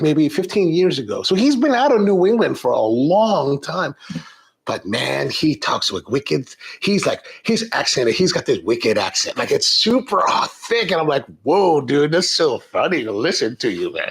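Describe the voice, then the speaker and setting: A middle-aged man hosting a coffee live stream, chatting in a rambling, animated way and reading viewer comments aloud. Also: fairly high pitch, gravelly, slightly rough. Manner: rambling, animated, frequent restarts. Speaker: coffee show host.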